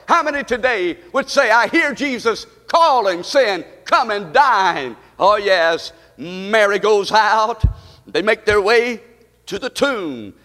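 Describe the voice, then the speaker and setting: A man's voice: sits high, a bit bright. A man, a pastor preaching a sermon in a church, calling out to the congregation with a rising and falling delivery. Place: church sanctuary. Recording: live stream with long hall reverb.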